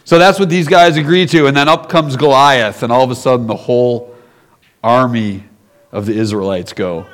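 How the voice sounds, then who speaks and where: A man's voice: medium pitch, brisk. Man preaching a casual storytelling sermon. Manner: casual storytelling, acts out characters, often laughs. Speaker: pastor.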